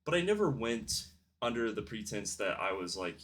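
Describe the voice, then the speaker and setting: Deep-voiced young man musing aloud. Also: normal speed, fairly bright tone. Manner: rambling, thoughtful, many fillers and restarts. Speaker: vlogger. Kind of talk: reflective personal monologue.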